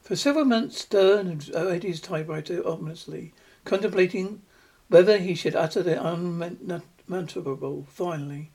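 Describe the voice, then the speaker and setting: A man reads a short story aloud in an unpolished way. His voice sits fairly high for a man, and he often trips over words and starts them again. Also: creaky, a little mellow, slightly rough. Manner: halting, with frequent stumbles and restarts. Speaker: reader. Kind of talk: amateur story reading.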